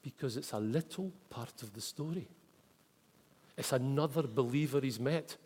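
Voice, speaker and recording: Speaking at a moderate pace in a medium-pitched, darkish voice with a breathy edge, a Scottish preacher tells stories in a chatty sermon, using words such as "wee" and "mate." The congregation is with him in a church hall whose long reverb fills the recording.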